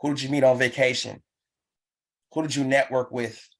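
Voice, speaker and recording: A man's voice: mid-range voice, fairly even intonation, normal speed. Male business trainer, live online session, emphatic and repetitive, pushes the audience to act. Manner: pumped-up, urging.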